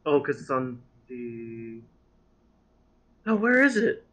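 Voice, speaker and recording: A man's voice: medium pitch, very animated, slow pace, fairly bright tone. A young man running a tabletop game, rambling and self-mocking, full of fillers. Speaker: game master. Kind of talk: casual tabletop game chat.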